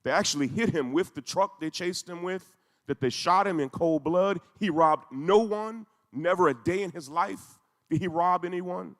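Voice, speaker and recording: A man with a high-pitched voice gives an emotional, intense speech to a congregation at a normal speed, telling a story with rising emphasis. The recording has the echo of a hall.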